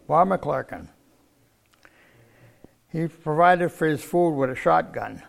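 A man's voice: fairly high pitch, expressive, slow, gravelly. An older man preaching a sermon, teaching from the Bible in a folksy, conversational way.

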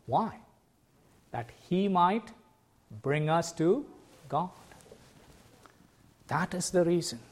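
A man preaching a sermon, earnest and emphatic, slowing down to stress key words. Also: fairly high pitch, expressive, a little mellow.

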